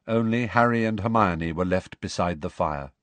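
A man narrating an audiobook with an expressive, varied reading. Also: deep voice, normal speed, dry recording.

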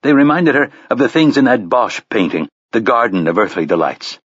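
A man narrating an audiobook in a measured storytelling manner, on a slightly dull recording. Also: mid-range voice, big pitch swings, husky, dry recording. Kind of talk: scripted narration.

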